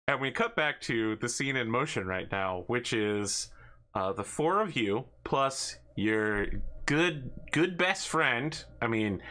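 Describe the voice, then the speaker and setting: A man hosting a tabletop wargame session as game master. He talks in a lively, joking way, with a bright, forceful tone at a middle pitch. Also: slow. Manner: animated, jokey storytelling. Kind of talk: tabletop game narration, casual chat.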